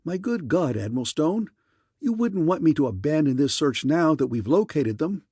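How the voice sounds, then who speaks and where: A man's voice: fairly high pitch, very animated, normal speed, mellow, slightly rough, no echo, clean studio sound, pitched above the performer's own voice, exaggerated voice. A man voicing a stubborn male mission commander who talks in an urgent, insistent way. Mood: defiant.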